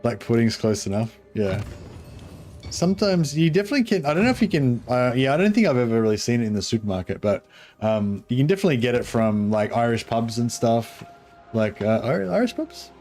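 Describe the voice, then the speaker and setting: A man's voice: medium pitch, sing-song, brisk, a little mellow, soft background music. A man chatting casually on a game livestream, rambling, chuckling and reading chat aloud. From Australia. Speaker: streamer. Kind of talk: casual live-stream chat.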